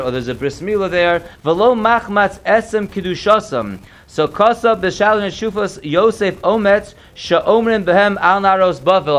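A man teaching a text study class, reading passages slowly and explaining them in plain words. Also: sits high, fairly bright tone. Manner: reads Hebrew passages slowly, then explains in English; thinks aloud with repeated words when unsure. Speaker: Torah teacher.

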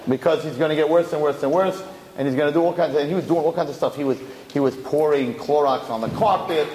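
Animated rabbi telling a story in an echoey hall. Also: male voice, fairly high pitch, fast talker, a little hiss or hum. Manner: animated, acts out the dialogue of the story. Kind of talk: storytelling talk.

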